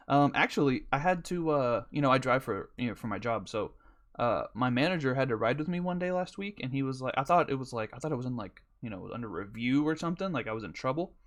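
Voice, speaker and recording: A man's voice: fairly high pitch, fairly bright tone. A man hosting his own podcast, rambling through casual stories with lots of swearing. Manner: rambling and profane, with laughs. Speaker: podcast host. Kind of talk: casual storytelling chat.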